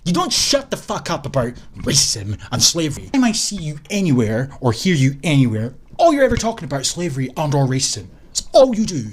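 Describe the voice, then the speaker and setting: Sarcastic Scottish man, slightly high voice. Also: huge pitch swings, quick pace, few pauses, slight background noise. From Scotland. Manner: sarcastic, mocking, blunt. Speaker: political commentator. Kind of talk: reaction commentary over clips.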